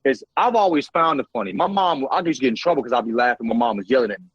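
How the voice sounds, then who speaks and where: A man's voice: mid-range voice, expressive, very fast, slightly rough, dry recording, highs cut off. A man guest on a talk show, telling stories in a loose, profane, filler-heavy casual way. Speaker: podcast guest. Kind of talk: casual chat.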